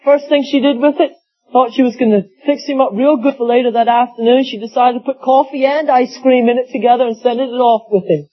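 Preacher guy, real high voice, folksy stories, muffled lo-fi recording. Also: fairly even intonation, a little fast. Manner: folksy storytelling with acted quotes. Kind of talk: sermon. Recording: dull lo-fi sound.

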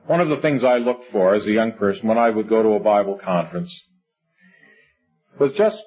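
A man's voice: fairly low pitch, expressive, normal speed, soft background music. A middle-aged man preaching a sermon, reading scripture in old-fashioned wording and breaking into earnest conversational asides. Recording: dull lo-fi recording.

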